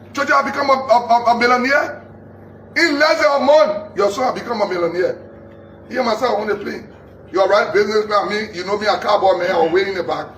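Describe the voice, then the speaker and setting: A man in an angry political rant, accusing and repeating himself, shouting at times. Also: sits high, slight background noise. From Liberia. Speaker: political commentator. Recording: echoey, distant mic with faint ambience.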